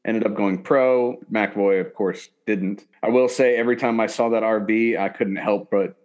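A man's voice: on the low side, fairly even intonation, normal speed, darkish tone, lo-fi sound. A man co-hosting a podcast, casually retelling movie scenes and laughing along. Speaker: podcast co-host.

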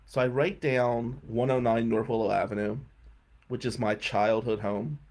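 Throat-clearing man telling a story. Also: mid-range voice, level tone, normal speed, darkish tone. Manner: clears throat often, chuckles mid-sentence. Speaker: radio show host. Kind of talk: casual comic storytelling.

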